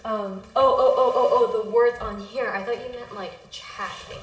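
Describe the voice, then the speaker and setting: Her voice sits fairly high, with fairly even intonation and a normal speed. She's a streamer rambling through a casual livestream chat while ill and breathless, apologizing and getting sidetracked, in an echoey room with faint music behind.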